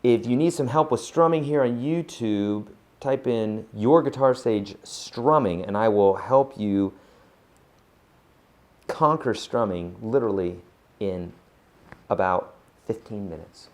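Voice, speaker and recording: A man giving a casual acoustic guitar lesson, chatty and relaxed, counting beats aloud. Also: lowish voice, slow pace. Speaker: guitar teacher. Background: acoustic guitar playing.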